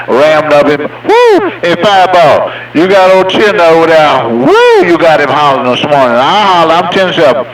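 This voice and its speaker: A man's voice: fairly high pitch, moderate pace, roomy sound, a crowd in the background. A man from Georgia, calling in over CB radio and joking in a loose, folksy drawl. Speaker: CB radio caller. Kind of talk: casual radio chat. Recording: distant noisy CB radio transmission.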